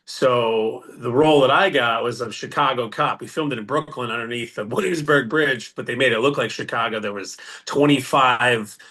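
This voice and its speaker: Guy rambling thru a story, chuckling a lot, middle pitched. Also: normal speed, few pauses, bright, forceful tone. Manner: laughs while telling stories, rambling asides. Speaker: guest. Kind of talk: casual storytelling.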